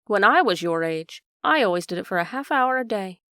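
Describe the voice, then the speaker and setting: A woman voicing a fussy, excitable old queen in a storybook reading. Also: mid-range voice, fairly quick, no room sound, clean studio sound.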